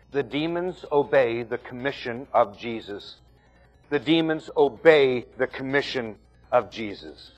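A man's voice: medium pitch, highs cut off. A man preaching a sermon as pastor, emphatic and repetitive, building points in phrases.

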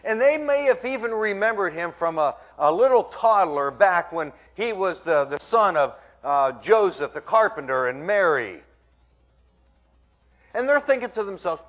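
A man's voice: high-pitched, sing-song, normal speed, a bit bright, faint music behind. A man preaching a sermon, walking through scripture and dramatically acting out what the crowd is thinking. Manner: dramatic, acts out the crowd's voices.

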